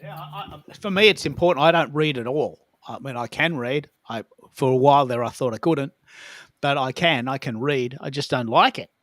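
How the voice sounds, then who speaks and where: An Australian man hosting a casual chat, lively and joking. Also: medium pitch, normal speed, no echo. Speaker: host.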